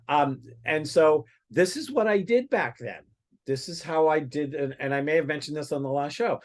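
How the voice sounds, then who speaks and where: A man with a somewhat high, darkish voice speaks at a moderate pace with lots of animation. He's a psychic medium appearing as a podcast guest, a chatty storyteller telling a casual tale. He rambles, stumbles over his words, and keeps restarting and dropping in fillers.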